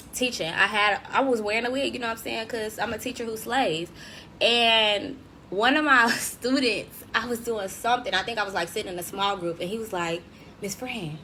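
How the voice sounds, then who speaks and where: A woman's voice: mid-range voice, slight background noise. A young woman hosting a casual livestream, talking slangy and upbeat to viewers and reading their comments. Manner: lively, slangy, laughs often, addresses viewers directly. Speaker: host. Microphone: desk mic.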